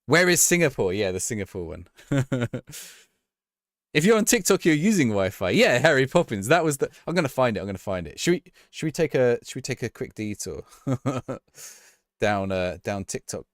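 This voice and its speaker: A man's voice: mid-range voice, very animated, normal speed, dry recording, studio quality. Chatty man live-streaming. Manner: chatty, laughing, reacting to the match. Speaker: livestreamer. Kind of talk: casual live-stream chat.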